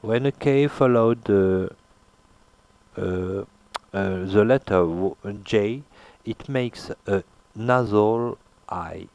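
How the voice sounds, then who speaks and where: A man with a lowish voice teaches pronunciation at a very unhurried pace. He hesitates constantly, filling gaps with "uh" and repeating each word to model its sound. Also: darkish tone, muffled recording. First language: French. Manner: hesitant, many filler pauses, repeats words slowly to model sounds. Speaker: language teacher. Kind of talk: pronunciation lesson.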